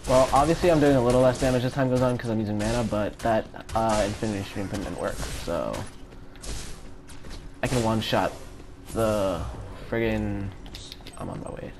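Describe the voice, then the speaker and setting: A man giving live commentary on his own gameplay, excitable, swearing often and repeating phrases in quick bursts. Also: lowish voice, background noise. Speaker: gamer. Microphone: home setup without face cam.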